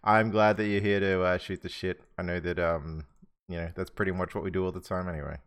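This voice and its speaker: A man's voice: sits low, level tone, fast talker, fairly bright tone, smooth. A man hosting a casual podcast chat among friends, laid-back, swearing and laughing often. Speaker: podcast host.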